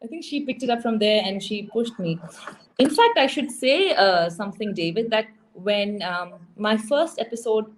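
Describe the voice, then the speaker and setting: A young woman from India, a TV presenter, telling her story as an interview guest in an animated, emotional way, acting out quoted dialogue. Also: mid-range voice, moderate pace, a little hiss or hum, low-quality recording.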